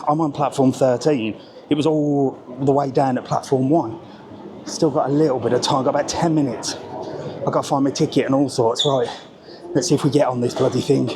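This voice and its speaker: A man from Birmingham with a Brummie accent, vlogging casually on the move through train stations, chatty and grumbling, swearing offhand. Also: medium pitch. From Birmingham area, England. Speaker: travel vlogger. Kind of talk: casual vlog. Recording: noisy station ambience.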